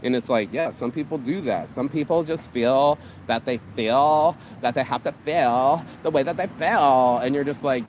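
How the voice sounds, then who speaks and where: A man hosting his own vlog, giving a casual motivational rant in an animated, profane, rambling way, speaking outdoors on a city street. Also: medium pitch, moderate pace, hardly any pauses. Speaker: vlog host. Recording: outdoor street with passing traffic.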